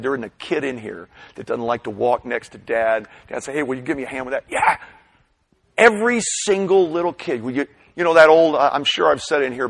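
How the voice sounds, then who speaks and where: A middle-aged man preaching a sermon, animated, swinging between loud bursts and hushed asides. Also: mid-range voice, creaky, rough recording. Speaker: pastor.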